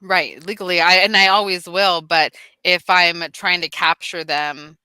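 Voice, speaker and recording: A woman's voice: fairly low pitch, steady tone, measured pace, sharp tone, clear, resonant tone, no room sound. A woman real estate agent being coached on a casual call, thinking aloud with many restarts and small laughs.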